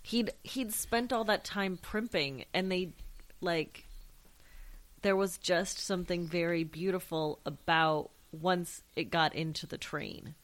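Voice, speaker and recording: A woman's voice: fairly low pitch, slow pace. A woman casually talking about a favorite movie scene, thinking aloud as she goes. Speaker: podcast co-host.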